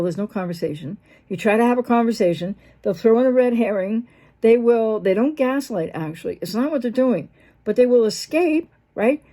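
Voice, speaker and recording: A woman who is a mental health professional, talking unscripted as a channel host, animated and rambling, with fillers and frequent self-interruptions. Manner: animated, acts out quoted dialogue with big pitch jumps. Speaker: host of a breakup recovery channel. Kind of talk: unscripted talking-head explainer.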